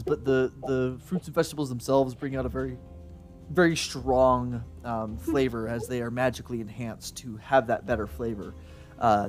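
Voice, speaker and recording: A man running a tabletop game as game master, narrating in a casual, rambling way with many fillers. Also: medium pitch. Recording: background music playing.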